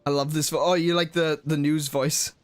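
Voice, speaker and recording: A streamer in casual game commentary, rambling and halting with many restarts. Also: mid-range voice, flat delivery, faint music behind.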